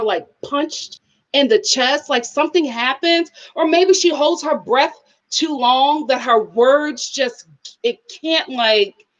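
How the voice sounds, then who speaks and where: A woman's voice: high voice, a bit bright. A woman giving a candid, chatty review of a reality TV show on her YouTube channel, often breaking into laughter.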